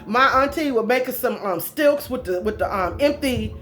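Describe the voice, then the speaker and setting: A woman's voice: fairly high pitch, lively intonation, moderate pace, a bit bright, faint music behind. A woman telling a childhood story in a casual, folksy and dramatic way, laughing along as she goes.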